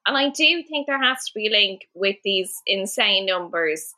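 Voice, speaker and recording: A woman co-hosting a comedy podcast, rambling through self-mocking stories in animated banter. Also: mid-range voice, moderate pace, poor audio. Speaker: podcast co-host.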